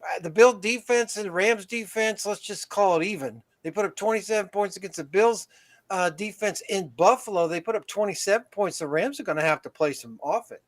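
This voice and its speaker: On a casual football talk stream, a male host talks briskly through his picks, looping back and restarting his thoughts. His voice is quite high for a man.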